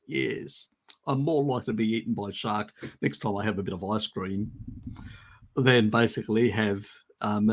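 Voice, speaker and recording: Gravelly, husky man on a live stream. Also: mid-range voice. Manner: sarcastic and mocking, often laughing. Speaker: live stream host answering viewer questions. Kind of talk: casual live-stream chat.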